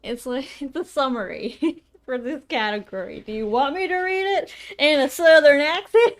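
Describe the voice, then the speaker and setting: A woman's voice: high-pitched, lively intonation, a little slow. A woman playing a tabletop role-playing game who chats casually, giggles often and reads bits aloud from the book. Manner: giggly, chatty, reads out from a rulebook. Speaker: player.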